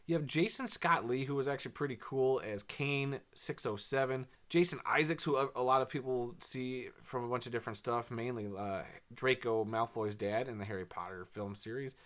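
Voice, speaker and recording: A man's voice: mid-range voice, moderate pace, hardly any pauses, fairly bright tone. A man hosting a casual movie review, rambling and sarcastic, full of fillers, sighs and laughs.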